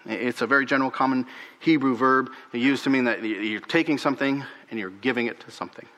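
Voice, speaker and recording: Preaching fast and animatedly, a male pastor repeats words and moves from emphatic highs to near-whispered lows. The audio is dull and has a big-room sound.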